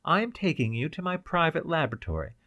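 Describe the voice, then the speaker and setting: A man's voice: a little high, big pitch swings, fast, sharp tone, no room sound, pitched above the performer's own voice, heavily acted. A male reader voicing a brusque senior scientist in an audiobook, giving clipped, emphatic orders. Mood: commanding. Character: brusque senior scientist, commanding, secretly villainous.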